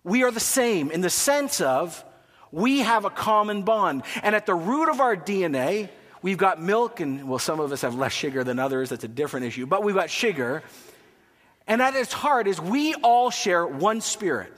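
High-voiced Canadian pastor joking in a hall. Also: male voice, sing-song, normal speed, fairly bright tone. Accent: Canadian English. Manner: chatty, joking, asks the audience questions. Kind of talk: sermon. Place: church hall. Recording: long hall reverb.

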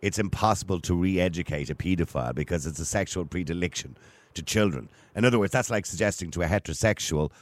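A man hosting a call-in radio debate, moderating callers and cutting in briskly. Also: low-pitched, no room sound. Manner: brisk, interjecting. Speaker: radio talk show host.

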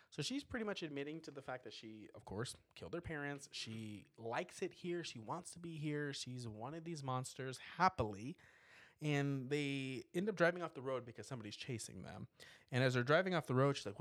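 Lively, animated man recapping a film. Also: medium pitch, moderate pace, no room sound, clean studio sound. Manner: animated storytelling with frequent laughs and fillers. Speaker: podcast co-host recapping a horror film. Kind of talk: casual chat.

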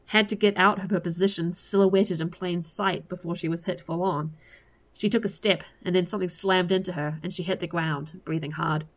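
A woman reading a fantasy story aloud in a lively way. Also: lowish voice. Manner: lively, laughs at the story between passages. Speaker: story reader.

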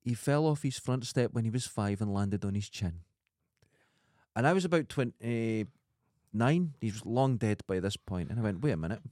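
A man's voice: lowish voice, animated, measured pace, a little mellow, dry recording, clean studio sound. A Scottish man in his forties co-hosting a podcast, telling rambling stories in casual chat. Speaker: podcast co-host.

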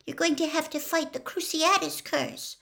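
A woman's voice: fairly even intonation, normal speed, gravelly, a bit bright. A woman reading aloud and voicing a timid teenage boy who sounds frightened. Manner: frightened, high.

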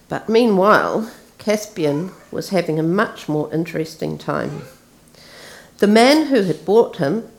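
A woman preaching a sermon in a relaxed, conversational way, retelling a story. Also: on the low side.

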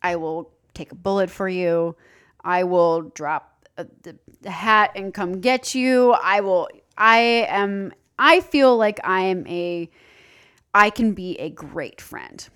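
A woman's voice: slow pace, a bit bright, clean tone. Candid, swearing young woman chatting. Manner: candid and profane, drops into mock-menacing low asides. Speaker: podcast co-host. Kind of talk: casual chat.

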